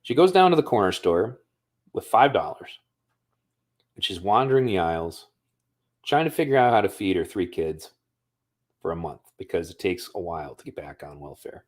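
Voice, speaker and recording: A man with a fairly low voice, talking loosely on a livestream. He tells stories in a rambling, conversational way and swears freely. He comes from the United States. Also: big pitch swings, moderate pace, pauses often. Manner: storytelling, profane, conversational. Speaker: streamer. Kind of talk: casual livestream monologue.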